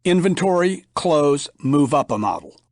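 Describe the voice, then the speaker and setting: Middle-aged male sales trainer, emphatic, acts out customer lines, slightly high voice, dry close mic. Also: lively intonation, a little slow, dry recording. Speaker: sales trainer reading his audiobook. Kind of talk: instructional audiobook narration.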